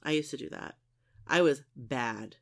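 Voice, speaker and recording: Low-voiced chatty woman co-host. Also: unhurried, gravelly. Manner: chatty, lots of "like" and restarts. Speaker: podcast co-host. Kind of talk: casual chat.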